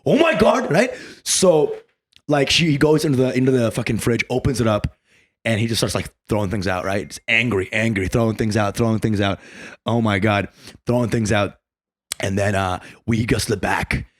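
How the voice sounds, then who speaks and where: A man co-hosting a comedy podcast, telling animated, profane stories and laughing often. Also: fairly low pitch, normal speed. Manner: animated storyteller, laughs often, swears freely. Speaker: podcast co-host. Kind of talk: casual comedic chat.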